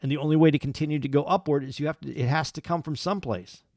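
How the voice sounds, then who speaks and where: A man's voice: a little high, steady tone, rapid-fire, a little mellow, no echo, clean studio sound. A man co-hosting a casual podcast, rambling and restarting his sentences as he talks through his thoughts. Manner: rambling, repeats words and restarts often. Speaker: podcast co-host.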